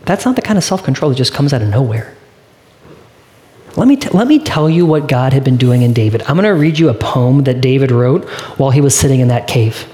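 Earnest and conversational, this pastor puts questions straight to his congregation and eases his pace to read scripture aloud. His voice is medium-pitched, expressive, and warm.

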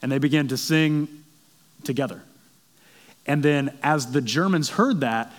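A man's voice: on the high side, unhurried, pauses often. A man in his thirties preaching a sermon to a congregation, conversational and self-deprecating, telling stories as he goes. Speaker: pastor.

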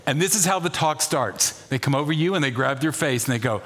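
A man preaching a sermon as pastor, animated, dropping to a hush and rising loud, asking the congregation questions. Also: fairly high pitch, fairly quick, few pauses. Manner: animated, swings from hushed to loud.

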